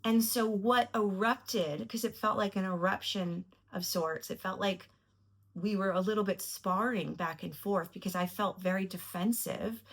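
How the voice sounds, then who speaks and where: A woman's voice: medium pitch, fairly even intonation, unhurried. A woman telling a personal story to camera in a reflective, earnest way, at times emotional. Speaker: vlogger.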